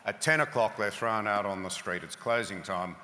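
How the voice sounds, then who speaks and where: A man's voice: lowish voice, normal speed, pushed and bright. Earnest older Australian man in a hall. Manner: earnest, builds to emphatic points. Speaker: panelist. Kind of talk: storytelling speech to an audience. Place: large hall with audience. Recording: reverberant hall.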